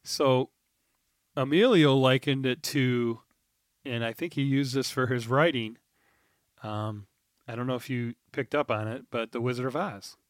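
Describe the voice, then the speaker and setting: A man in a relaxed podcast conversation, talking at an ordinary middle pitch. He wanders through his notes with frequent ums and restarts, and swears casually. The sound is close and dry. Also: unhurried, no echo. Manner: rambling, reads from notes with many ums; laid-back and profane. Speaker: podcast co-host. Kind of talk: casual chat.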